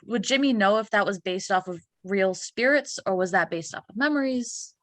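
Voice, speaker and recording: A woman playing a tabletop game, chatting casually with quick, swearing remarks. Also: mid-range voice, animated, no room sound. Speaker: player.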